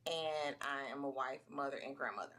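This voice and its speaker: A woman's voice: rumbling low, normal speed, a bit bright. A middle-aged woman as a guest in a casual interview, easygoing and good-humored, laughing readily. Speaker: guest entrepreneur.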